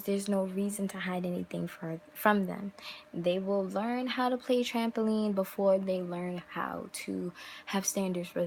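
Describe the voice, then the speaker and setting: A young woman vlogs to camera in a casual way, offering emphatic relationship advice loaded with rhetorical questions while acting out what others say. Her mid-range voice is a little mellow. The low-quality recording carries slight background noise.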